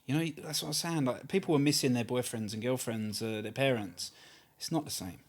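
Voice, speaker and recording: A man in his thirties with an Essex accent talks at a brisk clip as an interview guest. His pitch sits in the middle range for a man. He speaks in a chatty, colloquial way and keeps circling back to short repeated phrases. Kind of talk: casual interview chat.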